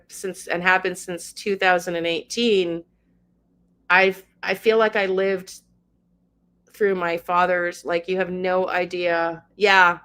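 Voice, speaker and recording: A woman's voice: lowish voice, fairly bright tone, clear, resonant tone. A woman in her fifties, a channel host, speaking in an emotional monologue, ranting with passion and fighting back tears. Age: 50s.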